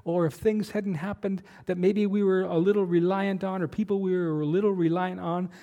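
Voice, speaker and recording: A man's voice: high-pitched, steady tone, moderate pace, mellow, muffled recording. A man preaching a sermon as a pastor, in a conversational way with many fillers and restarts.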